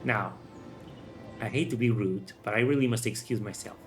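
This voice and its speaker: A man's voice: on the low side, normal speed, soft background music, natural voice. Man reading a prim, flustered rich lady. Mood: genteel. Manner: prim, genteel. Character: fussy well-to-do lady, polite and flustered.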